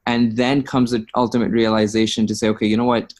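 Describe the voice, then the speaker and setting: A man's voice: fairly low pitch, little pitch movement, a little mellow. Hesitant man thinking aloud. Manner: halting, searching for words, many restarts. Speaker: study group participant. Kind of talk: reflective discussion comment.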